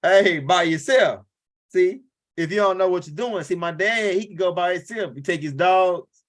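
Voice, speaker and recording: A man's voice: high-pitched, normal speed, fairly bright tone. A male stand-up comedian telling a rambling, profane story and checking in with the crowd with "right?". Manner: loose, profane storytelling with frequent "right?" tags.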